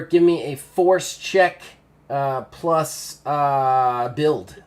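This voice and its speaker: A man's voice: medium pitch, drawn-out words. Casual swearing game master man. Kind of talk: narrating a tabletop game.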